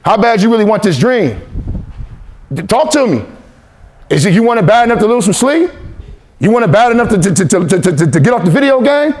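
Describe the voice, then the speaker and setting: A man's voice: high-pitched, big pitch swings, brisk, long pauses, darkish tone. A man giving a motivational speech to a youth team, repeating phrases and leading call-and-response. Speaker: motivational speaker.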